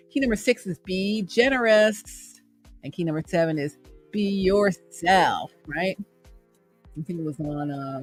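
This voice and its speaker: Woman host, motivational livestream, gravelly, upbeat and repetitive, light music under. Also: deep voice. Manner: upbeat, repetitive, preachy encouragement. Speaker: host and radio traffic reporter. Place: home room in the evening.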